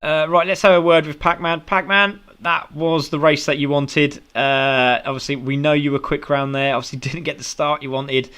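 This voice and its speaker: A man's voice: a little high, level tone, moderate pace, few pauses, a bit bright, clear, resonant tone. An upbeat British man interviews drivers after a sim race. He hands out praise freely, one driver after another. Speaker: sim racing commentator and interviewer.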